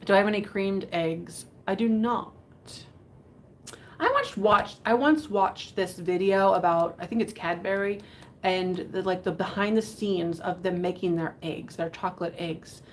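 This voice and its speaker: A woman's voice: medium pitch, unhurried. Chatty woman hosting a live sale. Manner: chatty, giggly, rambling. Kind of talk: casual live selling chat. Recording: faint background noise.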